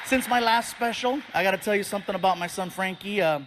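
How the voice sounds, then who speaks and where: A middle-aged male comedian on stage telling an animated story to a live audience, slipping into characters' voices. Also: high voice, quick pace, a crowd in the background, noisy background. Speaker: stand-up comedian.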